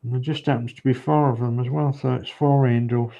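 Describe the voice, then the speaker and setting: A man's voice: medium pitch, steady tone, brisk, vocal fry, warm tone, highs cut off. A man chats casually and mutters encouragement to himself while painting a scale model at home. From United Kingdom. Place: home hobby room.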